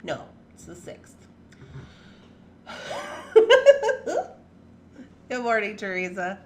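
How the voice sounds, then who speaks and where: Her medium-pitched voice swoops wildly, moving a little slowly with frequent pauses, as this woman runs a relaxed morning livestream from her home workroom. She greets viewers by name, chats, and teases her cats playfully, over a slight hiss or hum.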